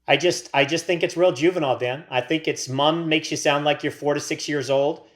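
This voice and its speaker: A man's voice: on the high side, fairly even intonation, fairly quick. An American man co-hosting a casual podcast, rambling through playful tangents and mock-serious teasing. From United States. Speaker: podcast co-host. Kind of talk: casual chat.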